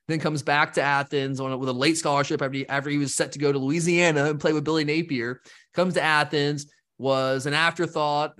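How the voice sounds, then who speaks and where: A man co-hosts a casual sports podcast, rambling with animated enthusiasm. His voice sits a bit higher than most men's. He keeps the talk loose and conversational. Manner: animated, rambling, mimics fans in quotes. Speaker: podcast co-host.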